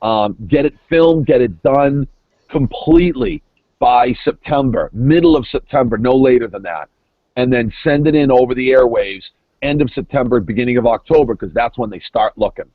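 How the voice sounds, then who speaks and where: A man's voice: mid-range voice, moderate pace, no room sound. Emphatic man on a tinny phone line. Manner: emphatic, repeats words while building points. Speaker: guest, former reality show contestant. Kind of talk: casual podcast chat.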